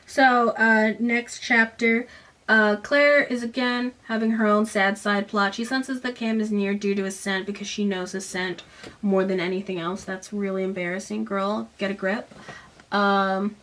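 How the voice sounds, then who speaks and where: A woman's voice: medium pitch, flat delivery, a little slow, a bit bright, distant mic. Chatty sarcastic young woman recapping a book. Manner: chatty, sarcastic asides, lots of fillers.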